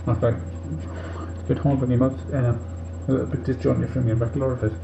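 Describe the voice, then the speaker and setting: A man's voice: mid-range voice, level tone, normal speed, vocal fry, close to an everyday voice. A man playing a tipsy male robot leader in a comic monologue, earnest and rambling off on tangents with many fillers. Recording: muffled, roomy, faint hiss.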